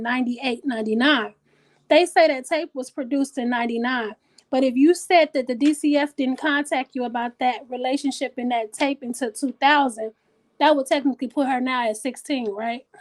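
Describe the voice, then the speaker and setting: A woman hosting a casual talk show, blunt and profane, animated and thinking out loud. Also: sits high. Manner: animated, blunt and profane, pausing to reason aloud. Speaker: host.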